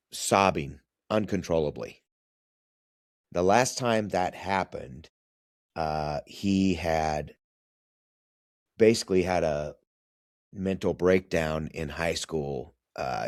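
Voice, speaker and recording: Very deep-voiced, blunt middle-aged man. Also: dry recording, clean studio sound. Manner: blunt, profane, animated storyteller who acts out dialogue. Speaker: podcast guest, former military navigator. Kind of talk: casual storytelling conversation.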